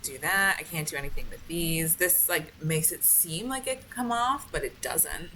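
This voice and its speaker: A woman's voice: deep voice, expressive, normal speed, sharp tone, a little hiss or hum, rough recording. A woman streaming a game with casual commentary, frustrated and swearing, with many "like" fillers. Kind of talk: casual let's-play commentary.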